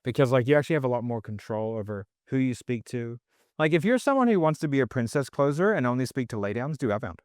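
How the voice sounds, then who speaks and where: This podcast guest, a sales trainer, talks fast with lively intonation and a clean, medium-pitched tone. Recorded at studio quality with no room sound, he rambles through casual conversation, blunt and profane, peppering everything with "like" and other fillers.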